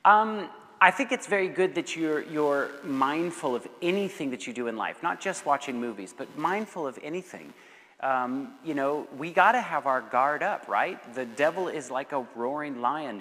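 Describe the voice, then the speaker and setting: A man giving a passionate youth sermon and answering students' questions, swinging between loud urgency and hushed intensity. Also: medium pitch, expressive, moderate pace, big-room sound. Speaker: guest speaker. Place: school assembly hall.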